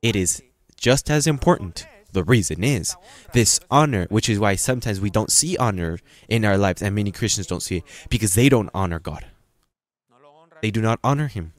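Low-voiced pastor preaching with emphatic bursts. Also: male voice, lively intonation. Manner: reads scripture aloud slowly and stresses it. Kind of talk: sermon.

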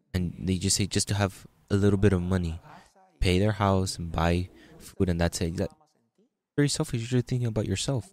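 A pastor with a deep, darkish voice preaches conversationally, reading scripture aloud and telling everyday stories. He restarts his sentences at times.

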